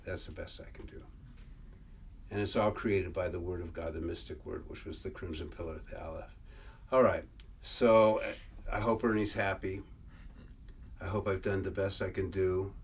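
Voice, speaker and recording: Low-voiced man lecturing from afar. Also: steady tone. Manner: halting, repeats and restarts words, recites archaic verse. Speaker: workshop presenter. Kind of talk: lecture reading and explaining scripture. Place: workshop room. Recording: distant mic, faint room noise.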